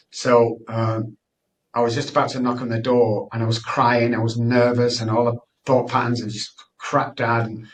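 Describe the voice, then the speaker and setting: A man's voice: medium pitch, slight background noise. Middle-aged guy telling his story, earnest, kinda far from the mic. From Manchester, England. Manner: earnest, candid, frequent restarts. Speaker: guest. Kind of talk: personal storytelling interview.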